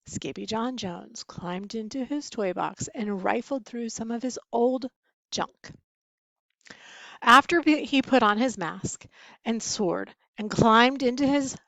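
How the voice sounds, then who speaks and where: A woman teacher reads a bedtime story aloud, her delivery slow and expressive. The recording is dry and a little dull, with no room echo. Her pitch sits in a middle range. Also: creaky. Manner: expressive, animated reading.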